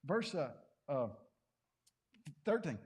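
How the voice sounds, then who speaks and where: Lively guy teaching bible class, talks to the crowd, pitch jumps around. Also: takes it slowly. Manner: animated, conversational, asks audience questions. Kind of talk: animated Bible class lecture.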